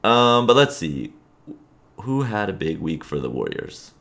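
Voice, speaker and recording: Low-voiced man chatting about rec-league ball. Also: very animated, measured pace, creaky, fairly bright tone. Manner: rambling, chuckling, filler-heavy. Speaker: podcast co-host. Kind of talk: casual sports chat.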